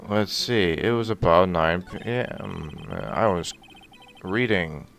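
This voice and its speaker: Casual, lower-pitched male streamer; hesitant, filler-heavy game talk. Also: expressive, slow pace, gravelly, a bit bright. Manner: hesitant, many ums and trailing thoughts. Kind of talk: casual chat.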